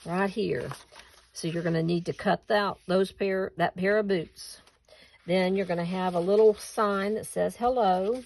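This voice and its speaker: A woman's voice: mid-range voice, fairly even intonation, measured pace, vocal fry, a little mellow. A woman hosting a casual craft tutorial at home, chatting with viewers and laughing at herself as she cuts and glues.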